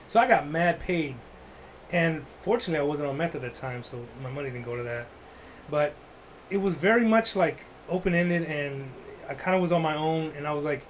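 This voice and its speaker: A man's voice: fairly high pitch, a little hiss or hum, low-quality recording. A man telling a rambling, crude, joking story in casual chat, full of "like" and restarts.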